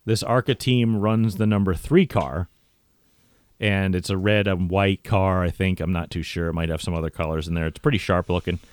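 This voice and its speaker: A man's voice: low voice, fairly even intonation, moderate pace, dry recording. A man hosting a casual podcast, wry and laughing often as he reads fan messages aloud. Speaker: podcast host.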